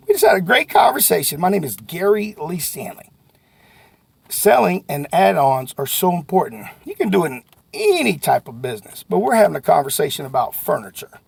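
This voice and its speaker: A man coaching salespeople in a folksy, animated way, now and then breaking into sudden shouts. His pitch sits a bit high and swoops around a lot. The voice is husky and gravelly. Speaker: sales trainer. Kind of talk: motivational sales talk to camera.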